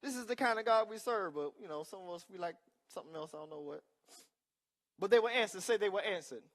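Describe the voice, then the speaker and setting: A male pastor preaching a sermon with emphatic call-and-response asides, swinging between loud declarations and quiet remarks. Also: sits high, lively intonation, fast talker.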